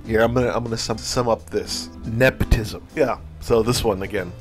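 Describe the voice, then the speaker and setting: A man's voice: lowish voice, steady tone, normal speed, hardly any pauses, faint music behind. A man giving casual, rambling commentary on a strategy game he is playing, swearing and laughing often. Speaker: video game streamer. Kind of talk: casual let's-play commentary.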